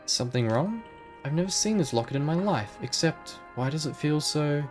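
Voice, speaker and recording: A man's voice: fairly high pitch, lively intonation, moderate pace, faint music behind, voice pushed up, lightly acted. A man voicing a prim late-middle-aged woman librarian who speaks sweetly but sharply and calls people dearie, while reading game dialogue aloud. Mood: flustered.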